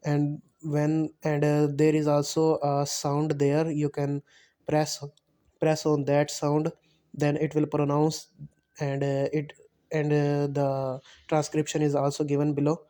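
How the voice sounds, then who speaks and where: A man teaching a spoken English lecture over slides, halting and often correcting himself as he explains. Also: fairly high pitch, completely flat delivery, warm tone. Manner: halting, self-correcting, repeats words while explaining.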